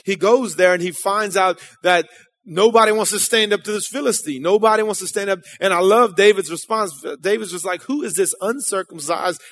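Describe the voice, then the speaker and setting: High-voiced preacher, chatty sermon. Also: male voice, brisk, a bit bright, soft background music. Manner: casual, conversational, calls out to the congregation. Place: church.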